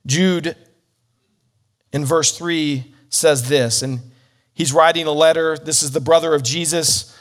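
A man's voice: on the high side, steady tone, takes it slowly, long pauses. A man teaching the Bible as a sermon, telling a story earnestly with slips and restarts.

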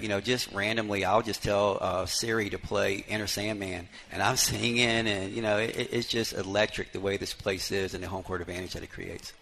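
Low-voiced coach telling folksy stories. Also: male voice, fairly bright tone, slight background noise. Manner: folksy storyteller, many "you know" fillers. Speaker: head basketball coach. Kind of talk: live radio interview. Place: live broadcast at a bar with fans.

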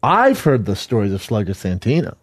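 Lively joking co-host, man. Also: fairly low pitch, breathy edge, no echo, clean studio sound. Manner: quick joking interjections. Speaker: podcast co-host. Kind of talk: casual banter.

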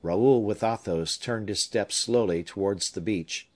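A man reading a novel aloud as an audiobook narrator, measured and expressive. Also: on the low side. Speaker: audiobook reader. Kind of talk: scripted narration.

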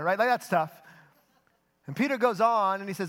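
Young adult male pastor, earnest sermon delivery, fairly high voice, soft dramatic drops. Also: fast talker.

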